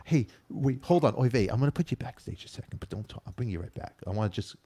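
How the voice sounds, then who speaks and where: An excitable man hosts a casual live-stream chat show. His voice swings widely in pitch, and he talks in quick bursts that stumble over repeated words. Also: breathy edge. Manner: excitable, teasing, repeats himself. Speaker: talk show host.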